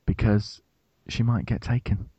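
A man's voice: on the low side, fairly even intonation, measured pace, dark tone, slightly rough, no room sound, dull audio. A man co-hosting a podcast in casual banter, dry and joking, laughing often. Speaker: podcast co-host.

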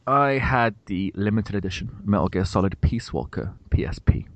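A young man co-hosting a podcast, telling an animated, swearing story in casual chat. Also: lowish voice, moderate pace, dry recording. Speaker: podcast co-host.

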